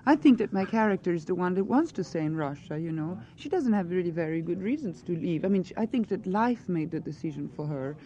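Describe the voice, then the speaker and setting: A woman's voice: fairly low pitch, animated, brisk, hardly any pauses, dark tone, dull audio. Earnest woman searching for words. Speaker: actress being interviewed. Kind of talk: press junket interview.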